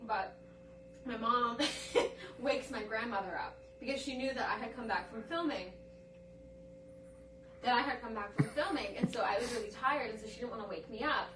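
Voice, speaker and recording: A woman's voice: a little high, normal speed, distant mic, noisy background. A young woman casually telling a long, rambling story on a phone livestream, laughing through it and acting out what others said. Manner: rambling, laughing through an anecdote, animated quoted voices. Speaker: livestream guest.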